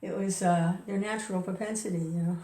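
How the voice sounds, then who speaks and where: A woman who rambles and chuckles through a casual spoken reflection, chanting softly between her thoughts. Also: on the low side, steady tone, a little fast. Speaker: devotee sharing reflections. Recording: roomy distant recording.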